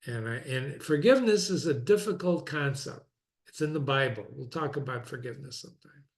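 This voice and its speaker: A man of ordinary, middle-range pitch reads a classic text aloud and stops often to reflect on it in a conversational way. He slows down deliberately over the quoted passages and repeats key phrases to stress them. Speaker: reader and teacher of classic philosophy. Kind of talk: reading aloud with personal commentary.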